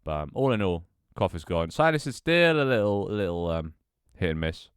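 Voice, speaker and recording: A man's voice: low-pitched, sing-song, moderate pace, clear, resonant tone, no room sound, clean studio sound. A tired, out-of-breath young man chatting casually with his livestream audience, sighing and swearing offhandedly. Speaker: Twitch streamer.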